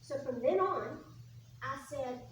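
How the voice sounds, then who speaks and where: A woman with a high voice tells clinic stories to a support group, acting out the dialogue. She is miked from far off in a strongly echoing room. Faint background noise runs under her. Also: slow. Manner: lively storyteller who acts out quoted dialogue. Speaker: speech therapist presenting to a support group. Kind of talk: informal presentation with anecdotes. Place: meeting room.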